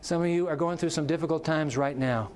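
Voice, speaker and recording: A male pastor preaching a sermon. He tells stories animatedly and drops to soft, slow words for emphasis. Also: on the high side.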